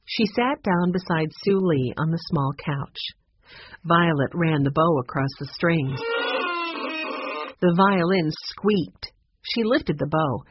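A woman narrating a children's chapter book with expressive, clear storytelling. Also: low-pitched, measured pace, a little hiss or hum. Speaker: audiobook narrator. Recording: dull lo-fi recording.

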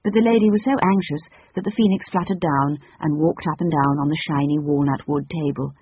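A reader narrating a children's storybook in an even, measured way. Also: medium pitch, slightly rough, dry recording. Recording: dull lo-fi audiobook recording.

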